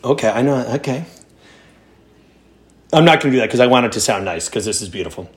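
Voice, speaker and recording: Male podcast host, mid-pitched, playful, quick jokes. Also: expressive. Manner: playful, jokey, quick asides. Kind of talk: casual chat.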